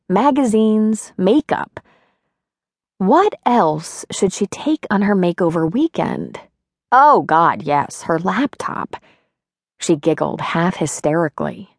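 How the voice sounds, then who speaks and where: A woman narrating an audiobook in an expressive, wry storytelling manner. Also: medium pitch, no room sound, clean studio sound. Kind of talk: scripted narration.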